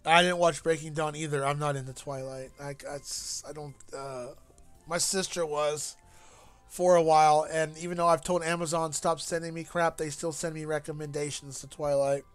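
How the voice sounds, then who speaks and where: This stream features a man whose voice is on the high side, smooth and level in tone, captured in a dry recording. He chats casually about his game in a rambling, jokey way, often restarting, as faint game music plays behind him.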